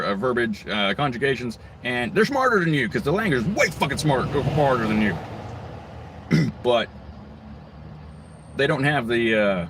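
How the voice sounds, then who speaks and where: A man's voice: medium pitch, sharp tone, a little hiss or hum. A man ranting angrily in a crude, rambling monologue, swearing constantly. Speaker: vlogger.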